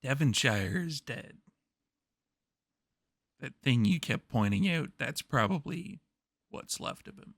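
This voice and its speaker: A man voicing a calm official who speaks matter-of-factly. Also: medium pitch, slow pace, vocal fry, pauses often, no echo, clean studio sound, full character voice.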